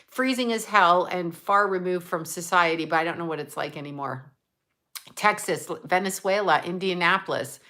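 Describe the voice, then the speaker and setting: A woman's voice: on the low side, normal speed, pushed and bright. A woman hosting a casual livestream from home, chatting in a bubbly way and reading out where her viewers are. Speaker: livestream host. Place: at home, just out of bed.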